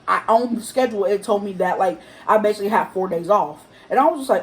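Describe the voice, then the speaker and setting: A young woman telling a casual storytime vlog to camera at home, acting out the quotes of the people in her story in a higher voice. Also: a little fast, hardly any pauses, rough recording. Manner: animated, acts out quotes in a higher voice. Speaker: vlogger.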